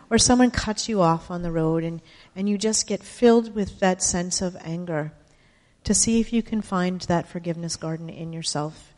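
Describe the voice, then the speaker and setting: A woman reading a children's story aloud, gentle and pausing to explain words for young listeners. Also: lowish voice. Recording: long hall reverb.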